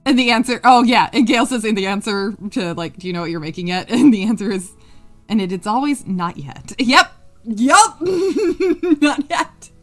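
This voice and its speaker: A woman's voice: medium pitch, lively intonation, normal speed, faint music behind. Chatty woman humming as she crafts. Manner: rambling and chatty, hums to herself, swears freely. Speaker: live-stream crafting host. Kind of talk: casual chat while crafting on a live stream.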